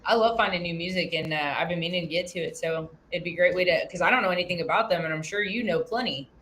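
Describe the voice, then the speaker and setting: A woman's voice: lowish voice, fairly bright tone, slight background noise. Chatty joking woman on a livestream. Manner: chatty, joking, quick comebacks. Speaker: guest co-host of a reaction channel. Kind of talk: casual livestream chat.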